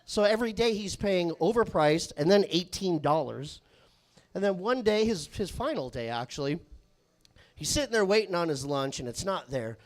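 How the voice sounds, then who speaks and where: A man with an animated, high-pitched voice and moderate pace does a live stand-up set. Onstage, he rambles through self-mocking stories, swearing throughout.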